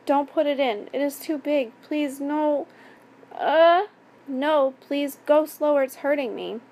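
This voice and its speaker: A woman's voice: fairly high pitch, steady tone, darkish tone. A woman acting a frightened, pleading young woman. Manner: pleading, halting, stammering.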